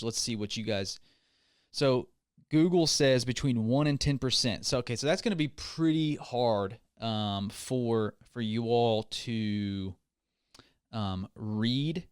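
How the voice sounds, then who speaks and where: A man's voice: mid-range voice, clear, resonant tone, no echo, studio quality. A man hosting his own podcast in a rambling, comedic monologue, goofy and self-deprecating, often restarting his sentences. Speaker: podcast host.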